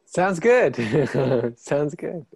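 A man's voice: fairly high pitch, big pitch swings, extremely slow, vocal fry, a little mellow, slightly rough, no room sound. A man in a casual video chat who makes wry remarks and laughs often. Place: in London.

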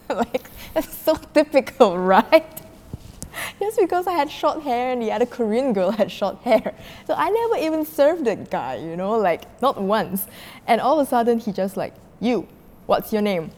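A woman's voice: fairly high pitch, normal speed. A woman guest on a podcast telling a story animatedly in casual talk, peppered with "like" and laughter. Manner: animated retelling, heavy filler "like", frequent laughter.

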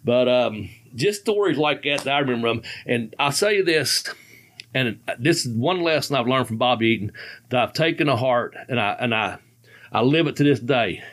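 A man's voice: medium pitch, expressive, moderate pace, a bit bright. A man in his fifties telling road stories in casual talk, rambling and laughing often, with loose colloquial grammar. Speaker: podcast host telling stories. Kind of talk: casual storytelling chat.

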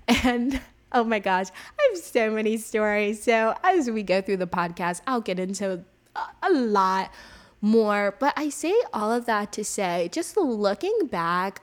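A young woman hosting her own podcast, talking alone in a chatty, animated way and saying "like" a lot. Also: a little high. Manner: chatty, animated, heavy use of "like". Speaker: podcast host. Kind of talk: casual solo podcast monologue.

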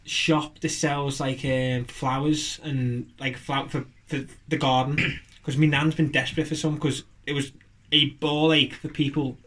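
A man's voice: medium pitch, little pitch movement, a little slow, a bit bright. A man chatting on a podcast, rambling and joking with lots of fillers and restarts. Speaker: podcast co-host. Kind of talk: casual chat.

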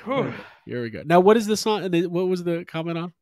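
A male podcast host with a lively, swooping delivery and a slightly raised pitch, leading a jokey casual chat. His voice is close and dry, with faint music underneath. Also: fast talker, no echo. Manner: jokey, leads the segments.

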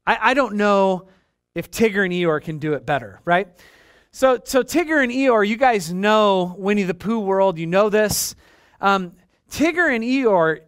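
A man's voice: sits high, a bit bright, no echo, studio quality. A man in his late thirties preaching a sermon in a conversational way, checking in with the listeners and often repeating his words. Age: late 30s. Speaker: pastor.

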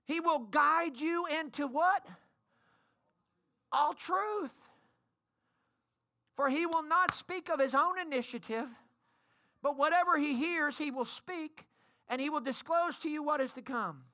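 A woman preaches to her congregation with urgent, pleading passion. Her voice sits high and rings sharp and bright, and it climbs into shouts. It is a fiery church sermon. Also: unhurried, pauses often. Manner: impassioned and pleading, rising to shouts. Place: church service.

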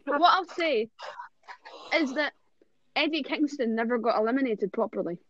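High-voiced excitable woman podcaster. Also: moderate pace, dry recording. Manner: excitable, animated storytelling. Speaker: podcast co-host. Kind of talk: casual chat. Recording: dull lo-fi call audio.

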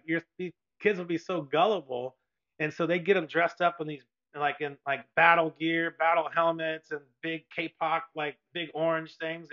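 A man's voice: fairly high pitch, pushed and bright. A male podcast co-host and Navy veteran telling a rambling story with frequent laughs and filler words. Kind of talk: casual storytelling. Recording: dull lo-fi recording.

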